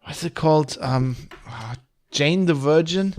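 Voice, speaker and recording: Brief: male podcast co-host, somewhat high-pitched, rambling anecdotes, giggles. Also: measured pace. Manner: rambling storytelling with restarts, laughs often. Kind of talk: casual chat.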